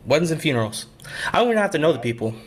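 A young man co-hosts a relaxed podcast. He rambles through stories, pokes fun at himself and laughs easily, with a pitch that moves up and down a lot. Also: racing. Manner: rambling, self-deprecating, laughs often. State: a bit out of breath. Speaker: podcast co-host and youth pastor. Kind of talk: casual podcast chat.

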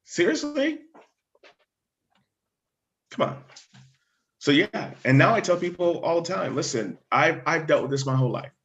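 A man who works as a fire chief, telling a personal story in animated conversation, often restarting words. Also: a little high, brisk, few pauses.

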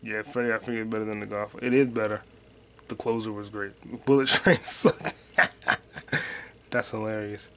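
Excitable, profane man hosting a podcast. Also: lowish voice, normal speed, long pauses. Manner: excitable, profane, slangy, drifting off to mutter while reading comments. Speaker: podcast host. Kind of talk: casual solo podcast chat.

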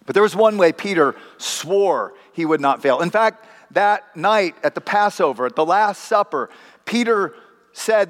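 A man preaches a sermon, telling stories and slipping into voices with dry, wry asides. His voice sits high. The sound rings with a long hall reverb. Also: expressive, unhurried. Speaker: pastor.

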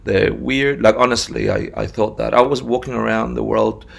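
A man's voice: lowish voice, steady tone, normal speed, creaky. A man from Buenos Aires, Argentina, telling his life story as a guest in a candid, self-deprecating way with frequent restarts. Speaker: Buddhist teacher, guest. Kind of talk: conversational storytelling.

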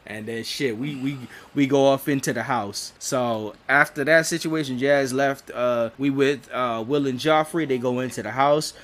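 A podcast co-host recaps a show episode in casual, profane talk, laughing a lot and restarting his sentences. His voice is medium-pitched and fairly bright, with fairly even intonation, normal speed, and few pauses.

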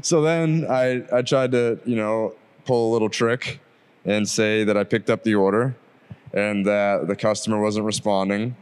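A man's voice: on the low side, moderate pace, smooth. A young man, a delivery driver, telling a story casually and animatedly, acting out the dialogue. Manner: animated, acts out quoted dialogue.

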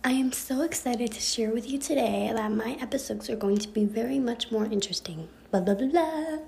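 Bubbly young woman, higher voice. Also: fairly quick, vocal fry, a little mellow, a little hiss or hum. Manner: bubbly, giggly, stumbles and restarts. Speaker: podcast host. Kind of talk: casual blooper reel of podcast intros.

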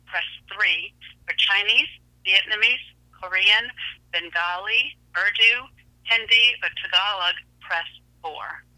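Crisp, bright automated phone menu woman. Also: mid-range voice, dry recording. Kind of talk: recorded phone menu prompt. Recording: played back over a phone line.

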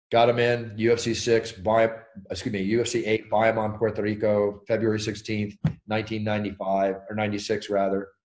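A middle-aged man tells his stories at a fast clip, with energy. His voice sits a bit low, and he acts out quotes and sound effects as he talks. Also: darkish tone. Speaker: interview guest, ring announcer. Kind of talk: animated storytelling.

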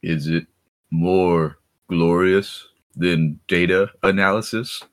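A man's voice: low-pitched, steady tone, slow, no echo. A man playing a tabletop game, joking and wisecracking in casual chat. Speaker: player.

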